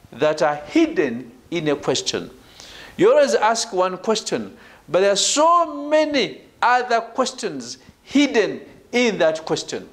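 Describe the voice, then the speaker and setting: A man from Uganda giving a university lecture, emphatic, with "right" and "ladies and gentlemen" tagged onto his phrases. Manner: emphatic, falls low at phrase ends. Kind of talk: academic lecture.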